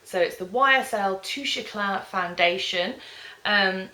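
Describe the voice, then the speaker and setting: A woman's voice: medium pitch, measured pace, bright, forceful tone. A woman, chatting casually through a beauty product review with lots of ums. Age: 30s. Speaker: beauty vlogger. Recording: echoey room.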